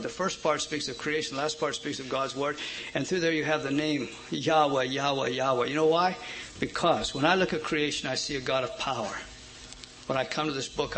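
A man preaching a sermon, emphatic, asking his listeners questions and swinging between loud stresses and quiet asides. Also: a little high, low-quality recording. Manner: emphatic, asks the audience questions.

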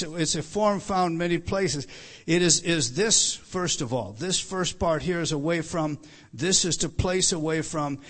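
A man preaching an earnest sermon, often repeating words and slowing down for emphasis. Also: high voice, fairly bright tone. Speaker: pastor.

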